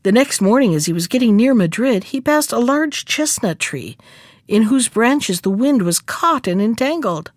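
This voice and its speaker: A woman reads a fairy tale aloud in an expressive, sing-song way. Her voice is fairly high and moves lively up and down, and the recording is close and dry. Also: moderate pace, dry recording. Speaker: storyteller.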